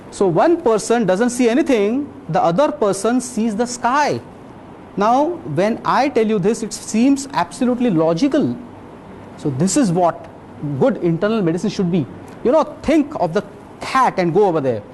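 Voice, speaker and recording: A man giving a medical lecture as a physician, telling a case story in a lively, blunt way and quizzing his audience. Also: high voice, slight background noise.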